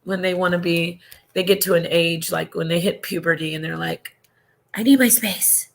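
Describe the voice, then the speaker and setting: A woman's voice: on the low side, completely flat delivery, moderate pace, creaky. Rambling, emotional woman streaming live. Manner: rambling and emotional, with frequent laughs and restarts. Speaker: livestream host reading viewer comments. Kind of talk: casual livestream chat.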